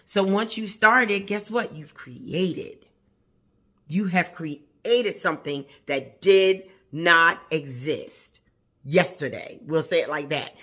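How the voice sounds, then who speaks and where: With a somewhat bright voice on the low side, a woman hosting a plant channel offers casual encouragement to viewers. She leans on repeated phrases for emphasis and chuckles often in the middle of her sentences.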